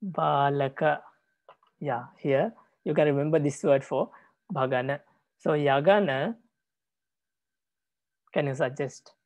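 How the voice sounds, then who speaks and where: A man who is a Buddhist monk teaching a language class, patient and repetitive, pausing often with hesitations. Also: a little high, darkish tone, no echo. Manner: patient, repeats words, many hesitations.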